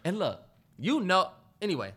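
Animated, high-voiced man telling a story. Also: normal speed, husky. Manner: animated, acts out quotes, laughs a lot. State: out of breath. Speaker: podcast co-host. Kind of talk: casual storytelling chat.

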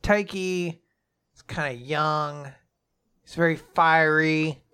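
A man's voice: on the high side, fairly even intonation, slow pace, sharp tone, clear, resonant tone. A man co-hosting a podcast, making playful, joking asides in casual chat. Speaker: podcast co-host. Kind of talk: casual chat about a manga.

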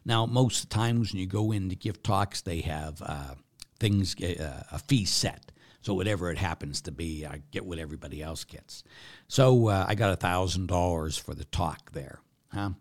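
Deep-voiced older man, a priest. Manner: animated, laughs and gets loud telling stories; slow, hushed emphasis in prayerful reflection. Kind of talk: live Q&A, reading viewer comments.

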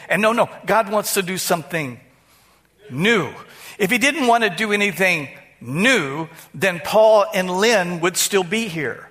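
A man's voice: high-pitched, animated, normal speed, fairly bright tone. A man preaching a sermon to his congregation in a conversational style, often repeating words and asking the room questions. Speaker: pastor. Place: church.

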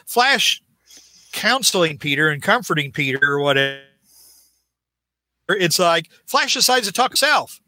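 A man's voice: high voice, big pitch swings, a little slow, pauses often, pushed and bright. A man hosting a casual podcast, recapping a comic book in a rambling, exasperated way, full of restarts. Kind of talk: casual chat.

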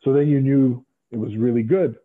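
A former pro wrestler as an interview guest, telling rambling stories in casual chat with lots of fillers and restarts, heard over a tinny phone-like line. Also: male voice, medium pitch, fairly even intonation, normal speed. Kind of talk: casual storytelling.

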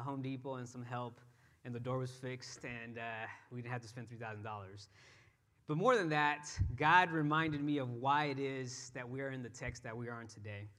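A man's voice: medium pitch, fairly bright tone. A man giving a sermon as pastor, telling a personal story in a conversational way with frequent fillers and restarts.

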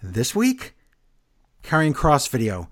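A man at a middle pitch with a lively, swooping delivery, chatting casually as a podcast co-host. He jokes his way through a wrestling recap and acts out quotes along the way. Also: takes it slowly. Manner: animated, jokey, acts out quotes.

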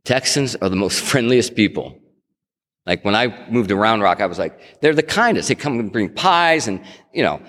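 Deep-voiced middle-aged man telling his story. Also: fairly bright tone. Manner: conversational storytelling, acts out quotes, frequent restarts. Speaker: speaker sharing his recovery story. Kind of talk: personal testimony talk. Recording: long hall reverb.

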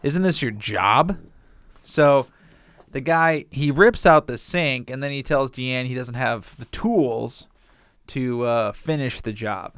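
A man co-hosting a podcast, telling stories in a casual, profane and animated way. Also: mid-range voice, slow pace, clear, resonant tone, dry recording, studio quality. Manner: profane, animated storytelling with frequent laughs. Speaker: podcast co-host.

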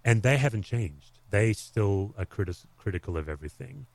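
A man with a low-pitched voice talks through his own experiences in a candid, reflective manner. His speech carries a pastor's easy conversational rhythm. The sound is dry and close, with no room echo. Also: animated, normal speed, vocal fry. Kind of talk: podcast conversation.

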